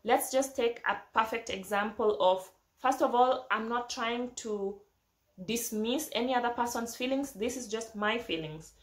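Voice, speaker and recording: A woman's voice: a little high, unhurried. Earnest woman vlogging in an echoey room. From not from Germany, living there. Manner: earnest, reflective, repeats phrases for emphasis. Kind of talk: casual talk to camera.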